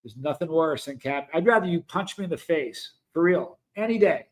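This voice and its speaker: A man with a fairly high voice hosts a casual livestream. He talks loosely to his viewers, reads their comments aloud and often breaks off to restart his sentences. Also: expressive, moderate pace. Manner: chatty, rambling, self-interrupting. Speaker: livestream host.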